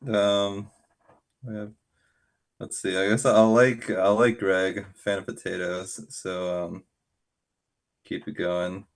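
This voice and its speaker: Man, low and gravelly; slow, hesitant guest on a stream chat. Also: level tone. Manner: slow, hesitant, with many ums. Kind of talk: casual group chat on a stream.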